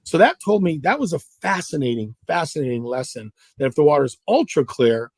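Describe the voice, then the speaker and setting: Animated male storyteller, dry close sound. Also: fairly high pitch, a little fast, breathy edge, no room sound. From Southern California. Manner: animated, acts out dialogue in stories. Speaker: guest angler. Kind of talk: casual storytelling interview.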